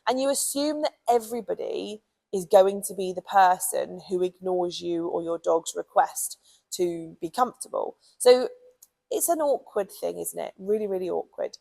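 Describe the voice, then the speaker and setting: A woman's voice: on the low side, moderate pace, vocal fry, mellow, rough recording. A British woman who trains dogs, giving chatty, casual advice with plenty of ums and you knows. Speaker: dog trainer.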